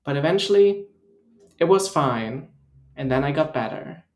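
A man's voice: on the high side, unhurried, roomy sound. A man who speaks English as a second language after German, with an American-sounding German accent, chatting casually on a podcast and rambling with lots of fillers. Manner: rambling, filler-heavy, deadpan. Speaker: podcast co-host. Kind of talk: casual chat, story time.

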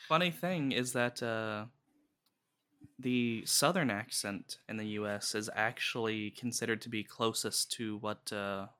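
A young man joking crudely and deadpan as a guest in a casual podcast chat. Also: on the low side, a little slow, clean tone.

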